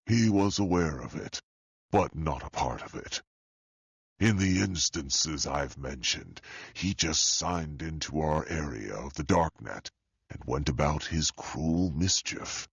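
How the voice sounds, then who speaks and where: A man voicing a sinister, wealthy older male tech mastermind in an audiobook, speaking slowly and calmly with a deep, husky, gravelly voice. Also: dry recording, clean studio sound, exaggerated voice. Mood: cold, calm. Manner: slow, calm and menacing. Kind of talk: audiobook character voice.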